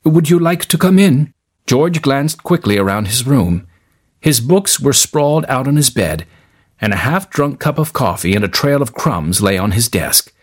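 A man narrating a storybook in expressive, scripted style. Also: medium pitch, normal speed.

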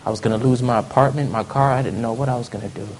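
A man telling a personal testimony in an earnest storytelling way, often dropping to soft low tones. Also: fairly even intonation, racing, slight background noise. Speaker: speaker giving testimony.

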